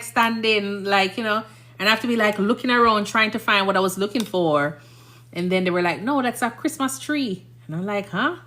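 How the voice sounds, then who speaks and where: A woman in her thirties, a nurse with a Jamaican accent, talks casually and ramblingly on a live stream with a medium-pitched, fairly bright voice, repeatedly asking "you understand?".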